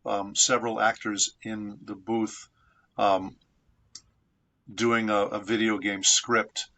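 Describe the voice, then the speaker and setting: A man from San Diego, a voice actor being interviewed, telling anecdotes in a measured, reflective way. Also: fairly low pitch, little pitch movement, pushed and bright. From San Diego, United States. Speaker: voice actor guest.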